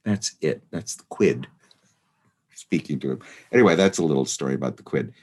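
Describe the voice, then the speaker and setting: A man's voice: very deep voice, animated, fairly quick, a little mellow, breathy edge. A man leading a study group online, telling anecdotes in a meandering, casual lecture full of "you know" and "uh".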